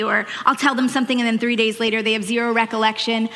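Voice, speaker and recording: A loud, talkative woman in her forties with a faded Long Island New York accent preaches from a church stage. Her voice sits a little high and rings bright and forceful. The sound carries a long church-hall reverb. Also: little pitch movement, fast talker, few pauses. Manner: loud, chatty, self-deprecating. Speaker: church speaker. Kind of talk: sermon.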